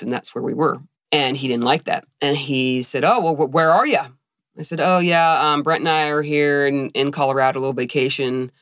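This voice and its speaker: A woman's voice: extremely low pitch, gravelly, no room sound, clean studio sound. A woman co-hosting a podcast, telling an emotional personal story with lots of quoted dialogue. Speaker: podcast co-host.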